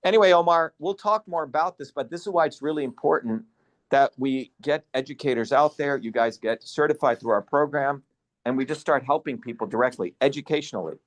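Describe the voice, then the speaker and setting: A man hosting an online symposium, lecturing forcefully and bluntly over a video call, swearing for emphasis. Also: medium pitch, a little fast, no room sound. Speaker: symposium host and educator.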